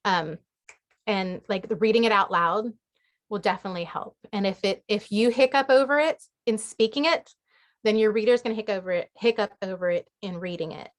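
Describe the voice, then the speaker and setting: A woman's voice: mid-range voice, a little fast. A woman author answering questions in a casual group chat on a video call, talking with many fillers and restarts. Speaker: guest author. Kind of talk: casual online group talk.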